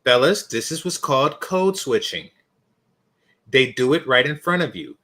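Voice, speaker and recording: Mocking man, lively and bright. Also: mid-range voice, normal speed. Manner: blunt and mocking, bursting into loud shocked yelps. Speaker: reaction video host. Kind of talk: scornful reaction commentary.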